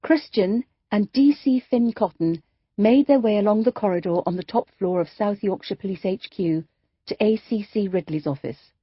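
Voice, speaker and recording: Husky-voiced woman narrating an audiobook. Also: mid-range voice, moderate pace, no echo, lo-fi sound. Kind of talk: scripted narration.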